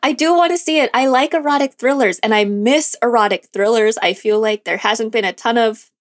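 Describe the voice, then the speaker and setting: A woman's voice: a little high, a little fast. A woman co-hosting a movie podcast in casual, chatty talk, laughing often. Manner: giggly, chatty, frequent laughs. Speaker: podcast co-host.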